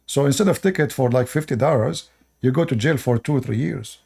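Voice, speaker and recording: Channel host, male: preachy advice monologue, non-native English, dark mellow tone. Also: medium pitch, fairly quick, vocal fry, slightly rough. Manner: lecturing, rhetorical questions, repeats short commands.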